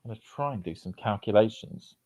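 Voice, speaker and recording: A man's voice: fairly low pitch, expressive, fairly quick, darkish tone. A man from Yorkshire with a Yorkshire accent, co-hosting a tennis watchalong in a thoughtful, easygoing way. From Yorkshire, England. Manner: thoughtful, laughs easily. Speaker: watchalong co-host. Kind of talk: casual live commentary chat. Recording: slightly dull lo-fi audio.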